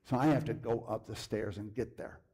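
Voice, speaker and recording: A middle-aged man, preaching as a guest speaker and telling a personal story that swings from lively to hushed. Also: lowish voice, a little fast, breathy edge. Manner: storytelling with lively shifts, drops to a hush. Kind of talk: sermon testimony. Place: church.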